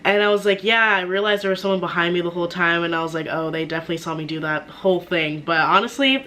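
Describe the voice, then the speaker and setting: A woman's voice: on the low side, a bit bright, a little hiss or hum. A woman in her twenties, a singer, chatting casually in a vlog with lots of "like" fillers. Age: 20s. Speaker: vlogger and singer.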